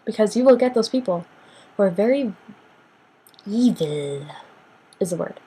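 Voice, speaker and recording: A young woman ranting casually to the camera in a sassy, animated way, acting out what people say with big jumps in pitch. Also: fast talker, husky, low-quality recording. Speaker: vlogger.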